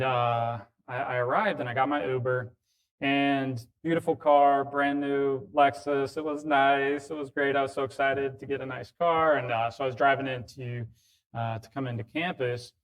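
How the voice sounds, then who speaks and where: Lively male storyteller on a panel. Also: medium pitch. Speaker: conference panelist. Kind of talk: telling a personal story on a panel. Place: conference panel on a campus.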